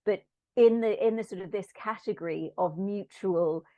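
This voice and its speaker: A woman talking as a podcast guest, thoughtful and reflective, often pausing to search for words. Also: mid-range voice, mellow, no echo, lo-fi sound. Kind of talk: thoughtful conversational discussion.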